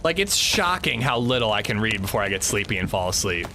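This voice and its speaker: A man's voice: lowish voice, big pitch swings, fairly quick, sharp tone, a little hiss or hum. A man livestreaming a game, chatting casually and rambling while he reads chat aloud.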